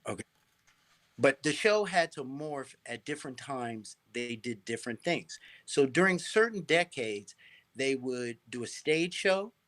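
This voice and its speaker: Man, middle-aged, interview guest, animated storyteller, mid-range pitch, restarts phrases.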